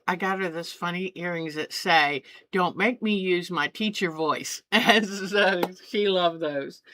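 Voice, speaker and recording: A woman's voice: lowish voice, pushed and bright, dry recording. An older woman hosting a quilting channel, chatting casually about her crafts and meals in a rambling, homey way with many fillers. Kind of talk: casual chat.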